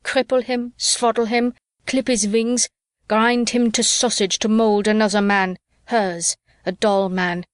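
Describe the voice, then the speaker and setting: A woman's voice: medium pitch, flat delivery, unhurried, smooth, dry recording, clean studio sound, natural voice. A woman voicing a bitter, ranting drunk male soldier with a scornful, sneering delivery in an audiobook. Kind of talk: audiobook character reading.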